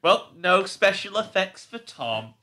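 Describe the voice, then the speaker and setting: Bright-voiced joking man. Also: high-pitched, sing-song, a little slow. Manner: jokey, self-mocking. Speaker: podcast co-host. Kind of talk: casual podcast chat.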